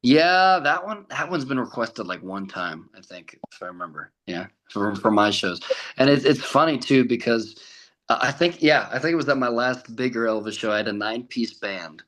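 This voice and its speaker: A man's voice: medium pitch, lively intonation, normal speed, a bit bright, rough recording. A young man, a tribute artist for a famous singer, chatting casually as a podcast guest, telling stories with frequent laughs and acting out what others said. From Colorado. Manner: chatty storyteller, laughs often, acts out other voices.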